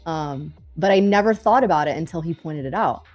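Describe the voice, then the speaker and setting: A young woman with a lowish voice chats casually on a live trading stream, lively and quick to laugh as she tells stories between trades. Faint music runs underneath her talk. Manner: chatty, animated storyteller, laughs often. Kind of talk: casual chat while day trading.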